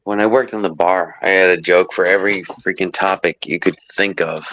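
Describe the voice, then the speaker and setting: A man chatting casually on a stream, easygoing and filling pauses with hesitant ums and uhs. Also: low-pitched, steady tone, a bit bright, a little hiss or hum. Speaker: stream guest. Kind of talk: casual chat.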